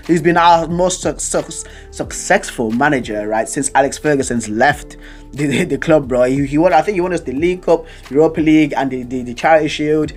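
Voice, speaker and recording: Rambling, stuttering young man vlogger. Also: a little high. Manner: rambling and stuttering with giggles and tangents; slangy, calls viewers bro and fam. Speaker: football vlogger. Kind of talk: casual chat to camera.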